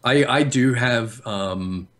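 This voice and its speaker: Australian man, podcast guest, deliberate trained articulation, average pitch. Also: a bit bright. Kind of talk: casual podcast chat.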